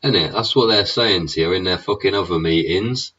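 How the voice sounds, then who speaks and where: Husky and low, a male show host pushes through a fairly quick, bright-toned rant, cursing constantly and tacking on "innit" and "yeah." The recording quality is dull and lo-fi.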